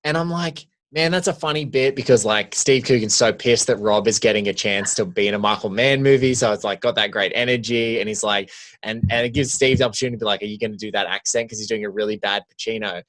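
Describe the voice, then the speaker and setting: A man's voice: fairly low pitch, fast. Rambling, enthusiastic man. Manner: rambling, enthusiastic, trails off softly. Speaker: podcast co-host. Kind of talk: casual chat.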